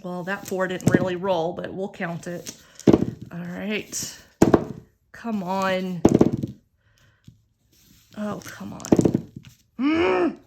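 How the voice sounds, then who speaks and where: A woman's voice: fairly low pitch, extremely slow, vocal fry, long pauses, heavy background noise. A middle-aged woman hosting a budgeting channel, chatting casually and expressively while counting aloud through a savings game.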